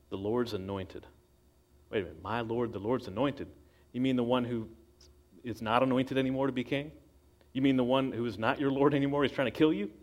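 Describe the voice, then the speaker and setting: A man's voice: mid-range voice, a little mellow. Man telling a conversational sermon. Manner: conversational storytelling with acted quotes. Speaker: preacher.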